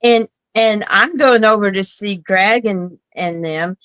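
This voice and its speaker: A woman telling a story in a casual chat, chatty and giggly, quick to jump in. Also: mid-range voice, fairly bright tone, clear, resonant tone, dry recording, poor audio. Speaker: show guest.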